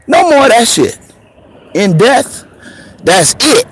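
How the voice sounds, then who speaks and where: A man in his thirties telling a story in a casual, profane monologue, laughing often and swinging between preacher-like highs and murmurs. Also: big pitch swings, takes it slowly, a bit bright, husky. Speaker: show host.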